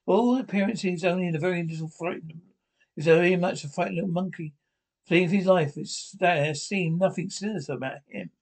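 A man with a somewhat high voice reads a classic adventure novel aloud. He stumbles and restarts words often, pressing on through the story in an unpolished, amateur narration. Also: darkish tone, rough recording. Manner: halting, frequent restarts and stumbles. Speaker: audiobook narrator.

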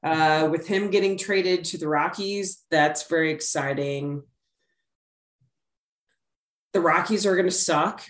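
Low-voiced woman chatting sports. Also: steady tone, moderate pace, roomy sound. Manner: chatty, rambling with fillers. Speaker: podcast co-host. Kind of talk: casual sports chat.

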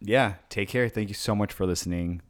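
A man co-hosting a podcast in casual chat, an animated storyteller who swears casually. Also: on the low side, fairly quick, no echo. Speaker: podcast co-host.

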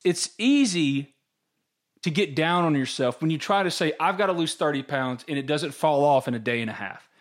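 On a laid-back sports podcast, a male co-host with a slightly high voice talks at an ordinary pace. His storytelling is frank and lively, and he quotes his own inner voice along the way.

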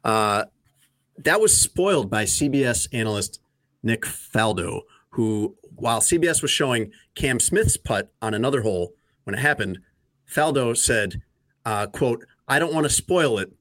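A man's voice: fairly low pitch, fairly bright tone, no room sound. A man in his thirties or forties hosting a sports talk show, recapping news in a conversational, dry way. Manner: conversational, dry, lots of fillers. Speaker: sports radio host.

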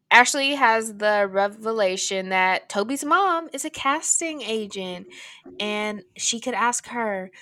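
In casual podcast chat, this young adult co-host recaps an episode with sarcasm and giggles, often speaking over her partner. Her voice is medium-pitched, bright, and forceful.

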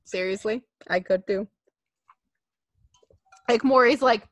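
A woman co-hosting a casual podcast, laughing often and acting out quotes in an animated way. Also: a little high, slow pace, pauses often, dry recording. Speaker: podcast co-host. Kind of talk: casual wrestling podcast chat.

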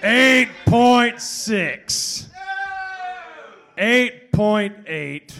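A man's voice: extremely high pitch, lively intonation, slow, long pauses, bright, forceful tone. A man hosting a live poetry slam, loose and profane as he calls out judges' scores.

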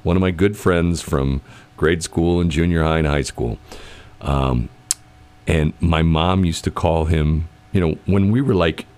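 A man's voice: extremely low pitch, steady tone, a little slow, a little mellow. A man hosting a radio morning show, rambling through teasing jokes and stories in casual banter. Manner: rambling storyteller, teasing and jokey.

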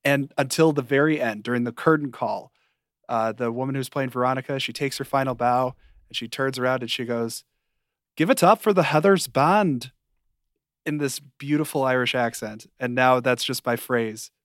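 A man's voice: mid-range voice, fairly even intonation, a bit bright, clear, resonant tone, dry recording. A man co-hosting a comedy podcast, chatting eagerly and playfully. His voice sits in an ordinary middle range. The recording is close and dry. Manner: enthusiastic, quick asides, playful. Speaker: podcast co-host. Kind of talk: casual chat.

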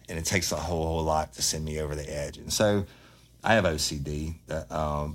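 A man's voice: extremely low pitch, fairly bright tone. A man hosting a true crime podcast, talking bluntly and heatedly in a casual monologue, swearing freely.

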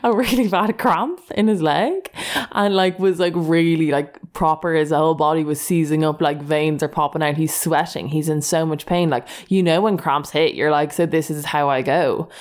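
A young woman with a notably low voice tells listener stories as a chat show host. She talks in a loose, rambling way, fills her sentences with "like", and breaks into laughter often. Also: fairly even intonation, moderate pace. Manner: chatty, laughing often, full of "like". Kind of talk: casual storytelling chat.

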